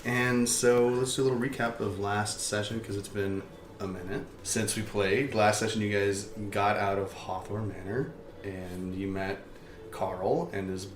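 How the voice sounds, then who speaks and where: Laid-back male game master, lowish voice, playful tone, echoey room. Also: steady tone, a little slow, noisy background. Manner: playful, laughs often while recapping. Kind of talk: narrating a tabletop game. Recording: roomy echo.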